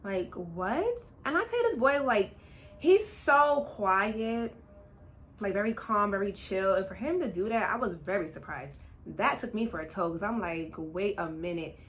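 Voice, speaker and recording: Animated young woman telling a story. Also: mid-range voice. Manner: animated, chatty, talks straight to viewers; dramatic retelling, swings between fast and drawn-out. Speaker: vlogger. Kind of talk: casual storytime.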